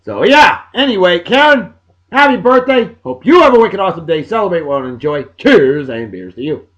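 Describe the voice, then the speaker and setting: Exuberant New man, lively pitch. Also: fairly quick. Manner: exuberant, folksy catchphrases. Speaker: podcast host giving birthday shout-outs. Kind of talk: casual chat.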